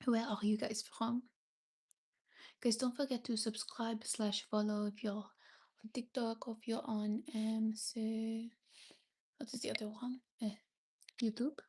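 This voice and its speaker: A woman's voice: fairly high pitch, level tone, unhurried, long pauses, darkish tone. A woman from Paris with a French accent, French being her first language, chatting casually on a livestream from her bed and reading out comments with frequent ums and restarts. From France, Paris. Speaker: livestream host. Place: seated on her bed indoors. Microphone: phone.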